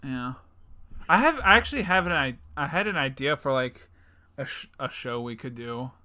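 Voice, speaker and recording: Young man, podcast co-host, very bright voice, jokey, rambling casual chat. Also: medium pitch, animated, moderate pace. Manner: jokey, laughing, rambling with restarts.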